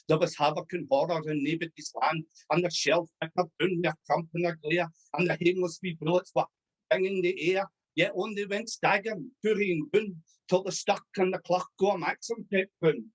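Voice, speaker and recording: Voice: medium pitch, steady tone, moderate pace. A reciter giving a dramatic, rhythmic recitation of a long narrative poem. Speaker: club member reciting verse. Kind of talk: poetry recitation.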